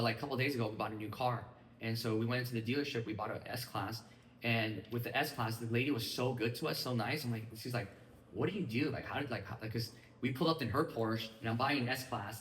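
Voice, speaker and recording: A man in his thirties talks quickly and casually to a small group, acting out snippets of conversation as he goes. His voice sits at an ordinary pitch. The room behind him rings with echo. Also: a bit bright, a little hiss or hum. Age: 30s. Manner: fast, casual, acts out quoted dialogue. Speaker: sales team leader. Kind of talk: training talk to a live group. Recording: echoey room.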